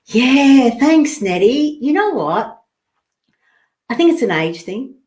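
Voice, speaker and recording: A woman hosting a live online talk, chatting loosely and reading out viewer comments, rambling with fillers and restarts. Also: lowish voice. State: coughing and sneezing at times.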